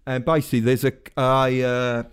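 A man's voice: mid-range voice, little pitch movement, normal speed, clean tone. A man hosting a podcast, chatting casually in a rambling way with self-deprecating asides. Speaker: podcast host. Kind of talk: casual chat.

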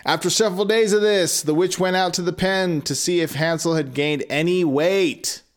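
A man's voice: high voice, fairly even intonation, moderate pace. A man reading a fairy tale aloud with an irreverent, sarcastic manner, breaking off for profane asides. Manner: irreverent, sarcastic, swears freely. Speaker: storyteller.

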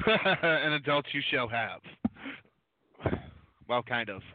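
A man hosting a casual talk show, easygoing and quick to chuckle. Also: medium pitch, animated, no room sound. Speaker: host. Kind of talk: casual chat. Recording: tinny phone-like line, dry.

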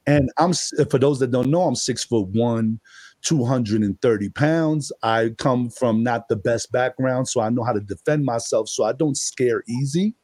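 Animated New man telling a story. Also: medium pitch, moderate pace, no room sound. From Bronx, New York. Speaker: guest. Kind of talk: casual storytelling.

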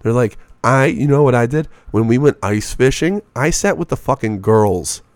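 A man's voice: medium pitch, moderate pace, no room sound. Profane rambling young man telling stories. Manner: profane, rambling, animated storytelling. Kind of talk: casual podcast storytelling.

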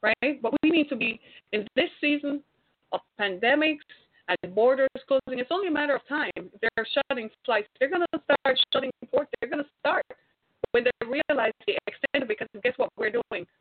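A woman's voice: high voice, lively intonation, fairly quick, dry recording. Impassioned woman on a tinny line. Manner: preachy, exhorting, rhetorical questions. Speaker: commentator. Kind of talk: impassioned monologue to viewers. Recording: tinny phone-like sound.

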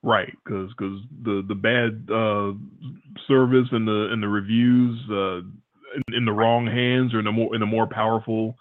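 A man's voice: lowish voice, level tone, normal speed. A man with a Midwestern American accent co-hosting a podcast, telling stories in a rambling, laid-back way. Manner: rambling, laid-back storyteller who swears casually. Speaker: podcast co-host. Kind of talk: casual chat. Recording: tinny phone-like sound.

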